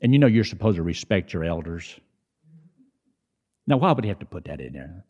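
A middle-aged man preaching a sermon in a conversational way, rising high on emphasis and dropping low between. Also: sing-song, brisk, dark tone, highs cut off.

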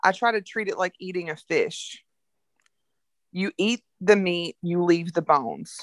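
Animated Southern woman telling stories. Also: on the low side, measured pace, no room sound, studio quality. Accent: Southern American. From American South. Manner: animated storytelling, frank. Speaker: guest, coffee entrepreneur. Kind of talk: casual podcast conversation.

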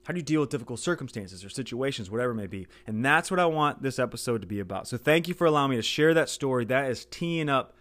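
A man's voice: mid-range voice, animated, fairly bright tone. A middle-aged man hosting a podcast, telling a personal story in an earnest monologue that halts and restarts often. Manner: earnest, halting with frequent restarts. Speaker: podcast host.

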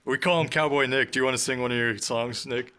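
A man co-hosting a podcast, playful and quick to laugh. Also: medium pitch, steady tone, bright, forceful tone, clean tone. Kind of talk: casual podcast chat.

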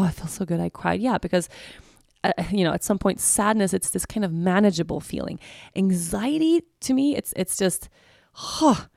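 A woman hosts her podcast, thinking aloud in a candid, searching way and often circling back to restart a thought. Her voice sits low and is thick with gravelly fry. The sound is dry and close, with no room around it. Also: a little mellow, dry recording. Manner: candid, searching, many restarts and "you know". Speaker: podcast host. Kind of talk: reflective personal monologue.

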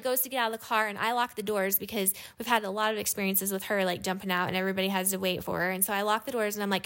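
Chatty mom rambling through a story, says like a lot, middle pitch. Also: female voice, steady tone, fairly bright tone. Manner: rambling, heavy use of "like", quick asides. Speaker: adoptive mother and podcast guest. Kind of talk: casual storytelling.

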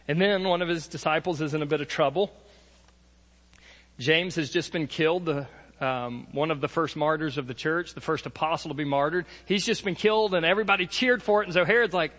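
A male pastor preaches in a relaxed, conversational storytelling style, acting out the people he quotes. His voice sits high for a man. The sound carries the long reverb of a large hall. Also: brisk. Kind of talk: sermon, retelling Bible stories.

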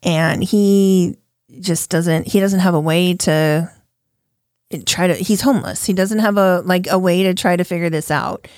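A woman's voice: fairly low pitch, fairly even intonation, a little slow, a little mellow, no echo, clean studio sound. A woman hosting a casual podcast, retelling odd news stories with swearing, laughter and acted-out quotes. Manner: laughing, profane, acts out quotes. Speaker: podcast host. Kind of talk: casual storytelling chat.

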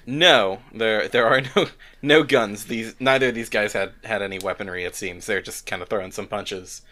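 A man running a tabletop role-playing game as game master, relaxed and laughing, with the odd swear word. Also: on the low side, moderate pace.

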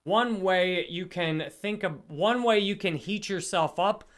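A man's voice: sits high, a little slow, fairly bright tone. A man hosting a casual livestream book discussion, talking earnestly and greeting viewers in the chat. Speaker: livestream host.

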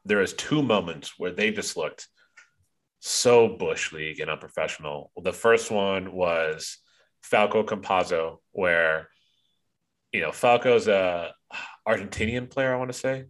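A man with a very low voice talks through a casual sports podcast. He rants with plenty of profanity and trails off into ums between points, dragging out his gripes. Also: measured pace, fairly bright tone. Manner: profane, ranting, lots of ums. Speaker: podcast co-host.

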